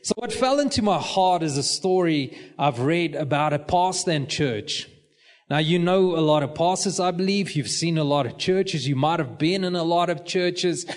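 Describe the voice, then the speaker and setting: A man's voice: a little high, moderate pace. A middle-aged man with a South African English accent, a pastor preaching a sermon and telling stories, slipping between English and Afrikaans. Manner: lively storytelling mixing English and Afrikaans.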